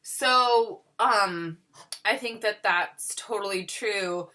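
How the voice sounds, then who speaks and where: A woman's voice: mid-range voice, drawn-out words, bright, forceful tone. A young woman leading a sales team, talking casually in a chatty, upbeat way with many ums and restarts. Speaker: team leader.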